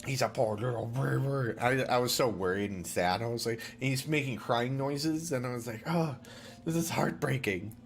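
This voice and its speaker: A man's voice: medium pitch, normal speed, few pauses. A man chatting casually as game master on a tabletop game stream, telling rambling anecdotes.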